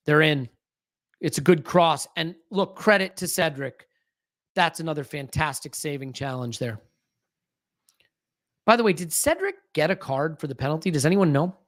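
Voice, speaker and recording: Anxious fan doing live match commentary. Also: mid-range voice. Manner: anxious, restless fan commentary with frequent restarts. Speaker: podcast host. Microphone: fiddles with a desk microphone.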